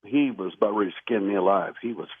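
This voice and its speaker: Low-voiced male interview guest calling in on a dry, phone-like line; earnest, emphatic storyteller. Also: fast talker, breathy edge, dry recording. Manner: earnest, emphatic anecdotal telling.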